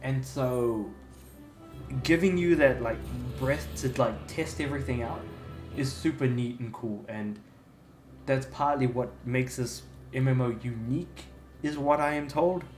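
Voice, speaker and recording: A man's voice: mid-range voice, unhurried, a little mellow. A young man talks loosely to his stream chat, wandering between thoughts and full of fillers and restarts. His voice sits in a plain middle range and bounces around an echoey room, with faint music underneath. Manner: rambling, many fillers and restarts. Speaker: game streamer. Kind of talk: casual chat while livestreaming.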